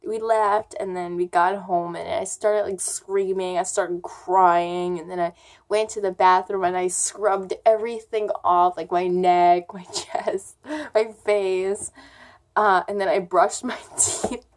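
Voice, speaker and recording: Young female vlogger, unhurried delivery, loose and rambling casual storytelling. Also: lowish voice, steady tone. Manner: rambling, filler-heavy storytelling.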